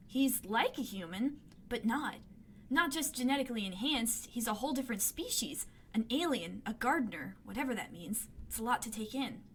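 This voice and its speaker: Excitable high-voiced woman gaming host. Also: slight background noise. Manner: excitable, squealing outbursts. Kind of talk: reading a game's text aloud with reactions.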